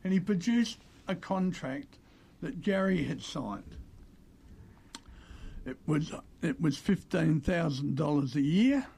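Older Australian man, husky voice, fairly high pitch, lively storyteller in an interview. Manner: animated anecdote-telling, acts out quoted voices. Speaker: interview guest, former player agent. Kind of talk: conversational storytelling.

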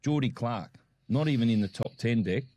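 Australian male co-host, animated storyteller, mid pitch, dry close sound. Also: moderate pace, dry recording. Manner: animated, acts out quoted voices. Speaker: podcast co-host. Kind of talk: casual storytelling chat.

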